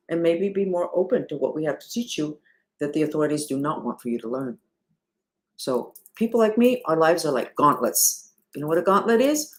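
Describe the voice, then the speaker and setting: A woman leading a spiritual movement talks straight to her followers in a loose, conversational way. She asks rhetorical questions and leans hard on some words, then drops to a hushed tone. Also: low voice. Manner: animated, rhetorical, swings between loud and hushed. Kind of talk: casual spiritual talk to followers.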